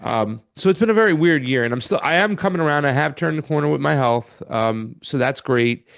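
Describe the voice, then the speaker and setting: A man with a somewhat high-pitched voice talking on a podcast. He rambles in a reflective, easygoing way. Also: a little fast, creaky. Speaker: podcast co-host. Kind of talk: casual chat.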